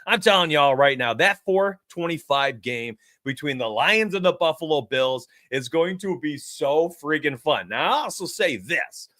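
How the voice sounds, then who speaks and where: An excitable man hosting a live sports betting show, talking straight to his chat with lots of hype. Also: a little high, normal speed, few pauses, dry recording, clean studio sound. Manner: excitable, hype-driven, addresses chat directly. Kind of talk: energetic live-stream betting talk.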